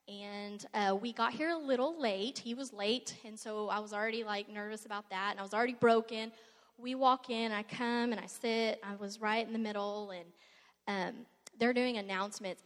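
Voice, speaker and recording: A woman's voice: a little high, fairly bright tone. Earnest young woman in an echoey hall. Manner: earnest, emotional, filler-heavy storytelling. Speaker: testimony speaker. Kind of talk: personal faith testimony.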